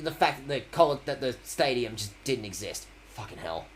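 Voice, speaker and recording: Lively man streaming a game. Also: medium pitch, fast talker, hardly any pauses, soft background music. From Australia. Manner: playful, rambling, swears freely. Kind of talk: casual game-stream commentary.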